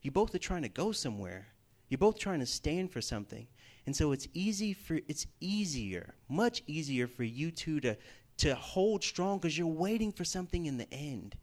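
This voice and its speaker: A man preaching a sermon to a live audience in an animated, emphatic way, repeating his points for stress. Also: fairly high pitch, moderate pace.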